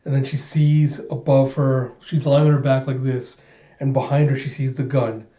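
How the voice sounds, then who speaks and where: A man eagerly retelling a comic book aloud in an excited, animated readthrough. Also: mid-range voice, normal speed, echoey room, dull audio. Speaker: host reading a comic aloud.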